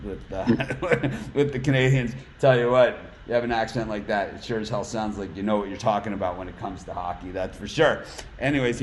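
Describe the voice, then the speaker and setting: A man's voice: on the low side, a little hiss or hum, poor audio. A man hosting a casual sports betting chat, telling jokey stories between picks. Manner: chatty, jokey storyteller. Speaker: host.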